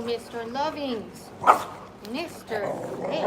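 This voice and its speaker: A woman's voice: on the high side, takes it slowly, noisy background. A woman vlogger chatting casually on a livestream at home, slipping into cooing baby talk to her dogs.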